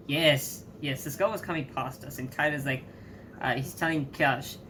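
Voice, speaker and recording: A man's voice: on the high side, measured pace, pushed and bright. A young man telling a story on a podcast, giggling and rambling with lots of fillers. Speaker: podcast co-host. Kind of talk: casual storytelling. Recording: audible background noise.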